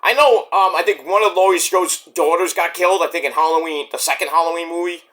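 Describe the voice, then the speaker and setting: A man's voice: on the high side, quick pace, fairly bright tone. A man hosting a casual solo podcast, rambling and swearing freely as he loses his thread. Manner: rambling and profane, trailing off. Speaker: podcast host.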